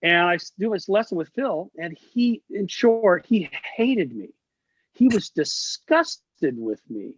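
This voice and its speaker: A man's voice: high-pitched, takes it slowly, breathy edge, no echo. A middle-aged man, a guest musician, telling stories in a casual interview over a video call, acting out the people he quotes. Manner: animated storyteller, acts out quoted voices. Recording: dull lo-fi video call audio.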